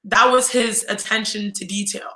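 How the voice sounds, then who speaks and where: A woman's voice: medium pitch, steady tone, normal speed, bright, forceful tone, reverberant, poor audio. A woman in her twenties, a podcast guest telling a casual story and acting out other people's voices. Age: 20s.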